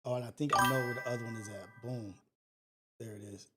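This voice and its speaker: A man hosting a casual livestream, talking to viewers directly in an emotional, preachy way that swings between loud and soft. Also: mid-range voice, steady tone, brisk, soft background music. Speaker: livestream show host.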